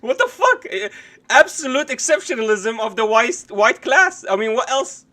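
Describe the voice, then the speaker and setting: High-pitched, bright-voiced indignant male streamer. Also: animated, normal speed. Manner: indignant, profane ranting. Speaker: live streamer reacting to a news clip. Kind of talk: live-stream reaction commentary.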